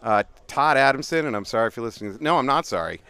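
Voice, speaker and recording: A middle-aged man, casually telling animated paintball stories as a livestream commentator outdoors. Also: medium pitch, quick pace, smooth. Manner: animated, laughing storyteller.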